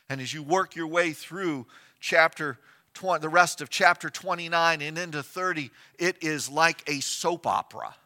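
Pastor, male, bright slightly high voice, storytelling sermon with rhetorical questions. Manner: storytelling preacher, rhetorical questions, varies loudness for emphasis.

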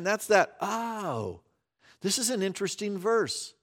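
A pastor preaches a sermon, telling the story with animation and acting out its scenes, often dropping into a quiet voice. His voice sits high and he takes his time.

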